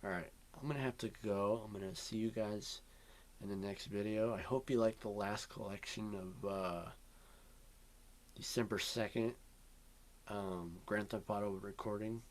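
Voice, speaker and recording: A man's voice: on the low side, steady tone, moderate pace. A young man rambling through a casual vlog from his bedroom at home, drifting between topics with lots of ums and yawns. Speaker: vlogger.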